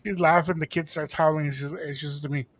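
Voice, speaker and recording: A middle-aged man co-hosting a radio show, telling a story in a lively way and acting out the voices of the people in it. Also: a little high, quick pace. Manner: animated, acts out quoted voices, mixes in Spanish phrases. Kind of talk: casual storytelling chat.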